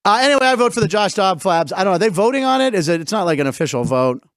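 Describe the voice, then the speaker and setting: A high-pitched American man hosting a comedic sports show, joking and rambling with quick asides. His voice is caught close and dry with no room sound. He is middle-aged, with an easy, chatty delivery. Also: lively intonation, a bit bright, dry recording. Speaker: host. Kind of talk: casual comedic sports talk.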